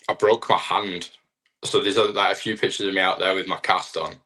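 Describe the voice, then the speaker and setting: A man's voice: low voice, bright, forceful tone. A young man, a wrestler, chatting casually in an interview in a rambling, self-deprecating way. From Britain. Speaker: wrestler guest.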